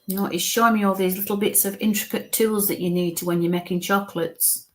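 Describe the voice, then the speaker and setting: A woman medium giving live readings, her voice sitting at an ordinary middle pitch. She talks in stops and starts and keeps dropping into soft, coaxing murmurs between her statements. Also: steady tone. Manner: halting, breaks off to coax spirits under her breath. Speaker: psychic medium. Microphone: live stream mic.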